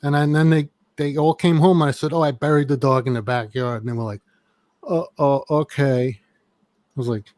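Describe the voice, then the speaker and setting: A man's voice: a little high, steady tone, a little fast, darkish tone, no room sound. Middle-aged man, casual chat, swears often, rambling, dry close sound. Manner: rambling, profane storytelling.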